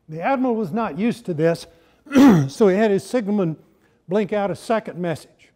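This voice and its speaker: A man's voice: high-pitched, animated, moderate pace, dark tone. A man, a historian, giving a campus lecture in a humorous storytelling manner with wry asides.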